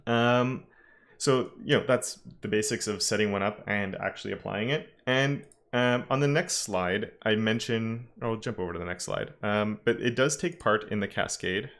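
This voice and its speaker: A man's voice: lowish voice, moderate pace, fairly bright tone. A man teaching a live-streamed coding lesson, talking casually and thinking aloud with frequent self-corrections. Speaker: web development instructor.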